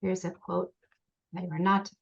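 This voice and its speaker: Gravelly low-voiced woman presenting research. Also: level tone. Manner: measured, reads quotations aloud. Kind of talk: academic presentation reading interview quotes. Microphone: video call. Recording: dull lo-fi video call audio.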